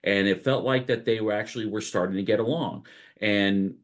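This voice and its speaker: A man co-hosting a podcast, giving his thoughts in an earnest, steady casual chat. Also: fairly low pitch, moderate pace. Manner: earnest, thoughtful, speaks at length. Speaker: podcast co-host.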